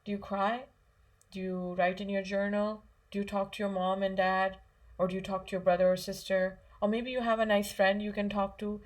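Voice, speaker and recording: A woman's voice: mid-range voice, little pitch movement, moderate pace. A woman teaches a lesson to children in a friendly, conversational way. She keeps asking them questions and fills her speech with "like" and "you know.". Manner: asks kids questions, conversational, many fillers. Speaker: Islamic studies teacher for children.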